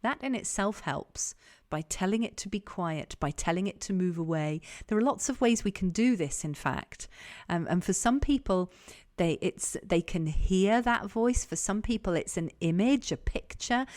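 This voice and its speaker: Woman coach leading a group exercise over a call, calm and encouraging, says her questions twice. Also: medium pitch, moderate pace. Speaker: leadership coach. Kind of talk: guiding a group coaching session. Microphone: online call.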